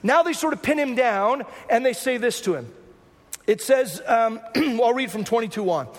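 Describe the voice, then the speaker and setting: A man's voice: extremely high pitch, animated, normal speed. A man, a pastor, giving a sermon in a conversational teaching manner with frequent asides to the congregation. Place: church sanctuary. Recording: long hall reverb.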